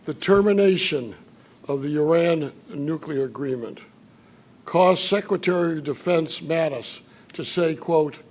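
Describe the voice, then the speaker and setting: An older man from Chicago giving an after-dinner speech, telling anecdotes with dry humor and filler pauses. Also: on the high side, a little mellow. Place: banquet hall at a dinner event.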